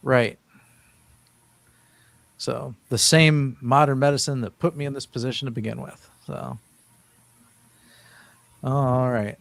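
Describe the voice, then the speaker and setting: Guy in his 50s chatting as an interview guest, kinda gravelly, rambles and restarts a lot, dry room. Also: medium pitch, steady tone, takes it slowly, long pauses, no echo. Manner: earnest, rambling storytelling with many restarts. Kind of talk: casual interview talk.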